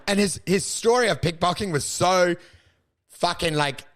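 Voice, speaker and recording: A man's voice: sits high, normal speed, fairly bright tone. A young man co-hosting a podcast, telling crude comedic stories in a profane, mocking way. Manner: profane, mocking, acts out other people's lines. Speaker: podcast co-host.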